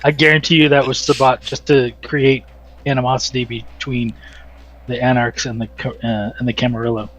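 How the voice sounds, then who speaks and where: A man at a tabletop role-playing game speaks in a casual, blunt way. His voice sits in an ordinary middle pitch, and he swears freely. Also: level tone, normal speed, faint music behind, low-quality recording. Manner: blunt, profane. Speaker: player.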